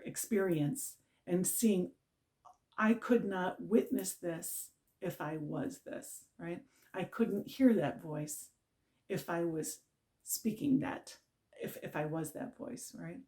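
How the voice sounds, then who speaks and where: A woman's voice: fairly low pitch, darkish tone. A middle-aged woman giving an earnest, casual spiritual talk as a mantra teacher, often checking in with "right?". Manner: earnest, repetitive, with frequent "right?" check-ins.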